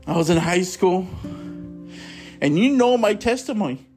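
A man's voice: high-pitched, expressive, moderate pace, a little mellow, faint music behind. A man preaching with fervor and telling personal testimonies, repeating his praises and calling listeners brothers and sisters. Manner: impassioned, repetitive, addresses listeners as brothers and sisters; conversational storytelling with restarts. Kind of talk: fervent evangelical preaching and testimony.

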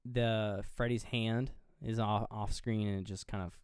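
A man's voice: fairly low pitch, fairly even intonation, a little slow, smooth, no echo, studio quality. A man co-hosting a podcast, casually retelling a horror movie scene by scene, rambling, swearing freely and laughing at himself. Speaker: podcast co-host.

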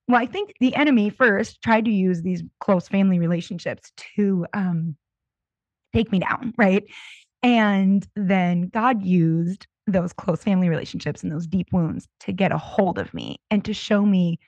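A woman in her thirties speaks openly and earnestly as a guest, telling a personal testimony with a faith-centered outlook. Her voice is mid-pitched, and the recording is dry and a little dull. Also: a little mellow, no room sound. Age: 30s. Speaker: podcast guest.

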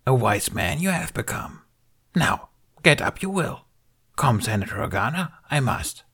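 A man's voice: mid-range voice, very animated, unhurried, a bit bright, slightly rough, voice pushed up, heavily acted. A man voicing an ancient, small, wise male Jedi master who speaks with inverted word order in a fan fiction reading. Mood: sage.

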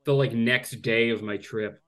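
Deadpan man co-host, mid-range voice, dry delivery. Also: medium pitch, unhurried. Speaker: co-host, comedian. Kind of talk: casual podcast banter. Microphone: remote call.

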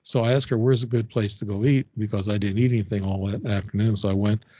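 An older man tells a long personal story as a podcast guest, wandering and restarting his sentences often. His voice sits low, and the recording is dry and a bit dull, with no room sound. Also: steady tone, mellow, slightly rough, no room sound. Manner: rambling, halting storytelling with frequent fillers and restarts. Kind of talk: casual storytelling interview.

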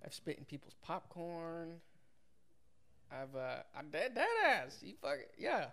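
A man's voice: fairly high pitch, big pitch swings, takes it slowly, fairly bright tone. Casual young man telling work stories. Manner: laid-back, swears casually, mimics customers. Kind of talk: casual storytelling chat.

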